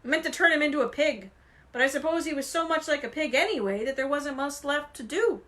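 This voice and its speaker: Lady doing a big gruff giant guy, loud n rough, high-ish voice. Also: brisk. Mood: rueful. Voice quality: gruff, booming.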